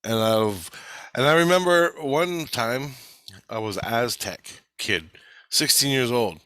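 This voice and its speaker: A man's voice: mid-range voice, expressive, takes it slowly, bright, forceful tone, no room sound. A man speaking in a casual, rambling monologue, blunt and full of swearing. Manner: blunt, heavily profane, rambling with restarts. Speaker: channel host.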